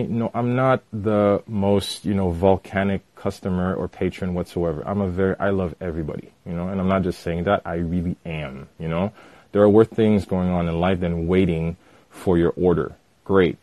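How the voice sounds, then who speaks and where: Guy with a really low mellow voice, dry sound, chatty story time, lots of "like, you know". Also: no echo. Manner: animated retelling, repeats himself with fillers. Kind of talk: casual storytelling.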